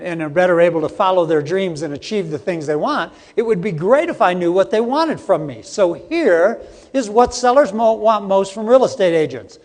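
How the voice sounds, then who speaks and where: A middle-aged man giving a live training seminar, joking and quizzing the audience, recorded in a conference hall. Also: sits high. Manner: jokey, interactive with the audience. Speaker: seminar presenter. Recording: long hall reverb.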